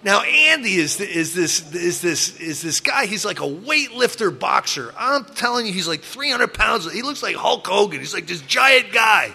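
A middle-aged man in recovery telling stories from his drinking past in a casual, animated way, acting out other people loudly and restarting his sentences often. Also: sits high, normal speed, vocal fry, few pauses, slightly rough. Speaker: recovering alcoholic sharing his story. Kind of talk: casual storytelling talk.

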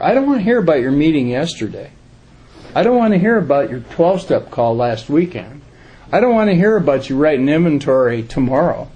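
A man addresses a room of fellow members in recovery, his voice husky and a little rough around the edges. He talks plainly and earnestly, leaning hard on the points he wants to land. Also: fairly high pitch, lively intonation, fairly quick, dark tone. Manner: earnest, plain-spoken, emphatic. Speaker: recovery speaker. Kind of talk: recovery talk to a group.

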